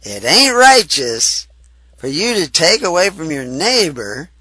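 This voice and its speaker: A man's voice: on the high side, big pitch swings, slow pace, bright, forceful tone, no echo. A man from Texas with a Southern accent, preaching a sermon in a folksy, emphatic way.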